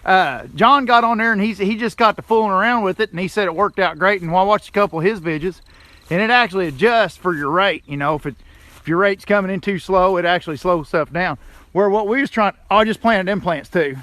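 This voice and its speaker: This livestreaming channel host has a high, fairly bright voice and talks a little fast. He walks around his yard speaking into a handheld phone, chatting casually in a folksy way and greeting viewers by name.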